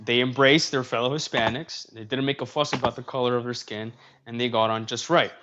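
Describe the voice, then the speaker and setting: A man's voice: medium pitch, steady tone, a little fast. A man hosting a casual podcast chat, talking in an opinionated, rambling way with restarts. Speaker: host. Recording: slightly dull audio with faint noise.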